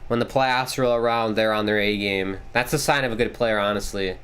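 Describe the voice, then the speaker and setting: A young man hosting a live hockey watchalong stream, mixing casual chat with quick play-by-play calls that rise as the action heats up. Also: fairly low pitch, fairly even intonation, a bit bright, clear, resonant tone. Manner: rapid, rising calls during plays. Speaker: livestream host.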